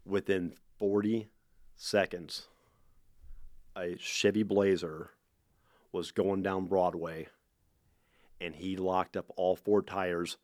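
A man guest on a podcast, telling a story in a loose, animated way and stumbling over repeated words. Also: low voice, takes it slowly, long pauses, no room sound, clean studio sound. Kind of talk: casual storytelling.

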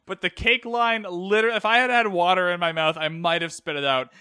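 A young man chatting casually as he recaps a TV episode, animated and full of quick asides and mock outbursts. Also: high voice, smooth, dry recording, clean studio sound. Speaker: show reviewer.

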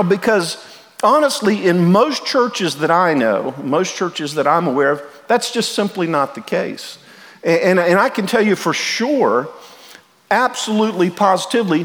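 A man's voice: on the high side, fairly bright tone. A middle-aged man preaching a sermon as pastor, earnest and direct, often repeating and restarting his words as he speaks to the congregation. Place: church sanctuary. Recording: long hall reverb.

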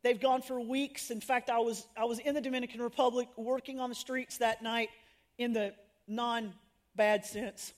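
A middle-aged woman speaks high in her range, giving a sermon to a room of women. She tells her stories with animation, laughs at herself, and puts on the voices of the people she quotes. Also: steady tone, moderate pace.

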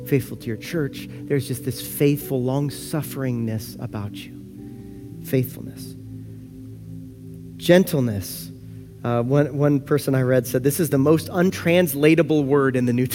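A man preaching a sermon as pastor, earnest, moving between soft slow passages and lively, louder ones. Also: on the high side. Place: church sanctuary.

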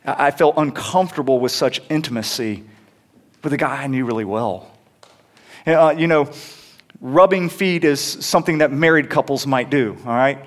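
A man's voice: medium pitch, moderate pace. A young adult man preaching a sermon in a conversational way, stumbling on restarts and rising into emphatic peaks. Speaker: pastor.

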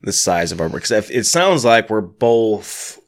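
A man's voice: lowish voice, very animated, measured pace. A man co-hosting a casual podcast chat while drinking whiskey, joking around and swearing freely. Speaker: podcast co-host.

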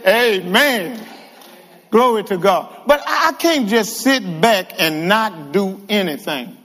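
Man, lively humorous sermon, high voice, long hall reverb. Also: slow. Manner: animated, humorous, calls out to the congregation. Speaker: guest preacher. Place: church sanctuary with reverb.

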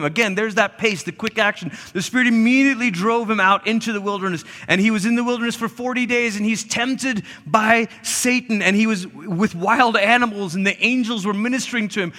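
Pastor, male, high bright voice, animated storyteller, echoing sanctuary. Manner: animated storytelling with playful asides. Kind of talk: sermon.

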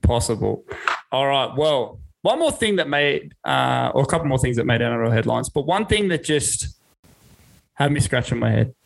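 A man's voice: mid-range voice, sing-song, normal speed, vocal fry, slight background noise, rough recording. A young Australian man co-hosting a sports podcast, ranting and joking in laid-back casual chat. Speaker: podcast co-host.

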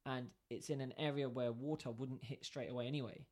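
A man tells a long story in relaxed conversation. His voice sits at a middle pitch. He acts out the exchanges with lively back-and-forth dialogue. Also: brisk. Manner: animated, acts out both sides of dialogue. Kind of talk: casual storytelling.

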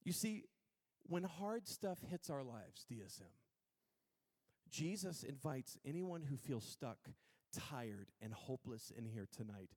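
A male pastor giving a casual, conversational sermon, swinging from hushed, intimate lines to loud, emphatic ones and getting the congregation to repeat words after him. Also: mid-range voice, lively intonation, a little slow.

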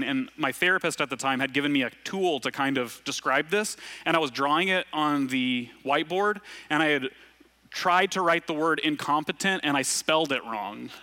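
A man from Arkansas preaching a relaxed, storytelling sermon, full of self-deprecating asides. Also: on the high side. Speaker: pastor. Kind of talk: conversational sermon.

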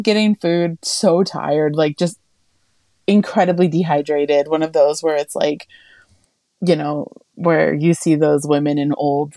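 A young woman on a podcast tells a story in a chatty, animated way, and she leans on "like" constantly. Her voice sits low and mellow. It is recorded dry and close. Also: no echo. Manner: chatty, animated, heavy use of "like". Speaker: podcast co-host. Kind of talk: casual storytelling chat.

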